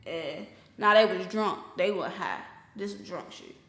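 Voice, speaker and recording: A man's voice: sits high, measured pace, gravelly, over loud music. A man hosting a reaction video, talking casually with a lot of slang and swearing, and speaking bluntly to his viewers. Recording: roomy echo.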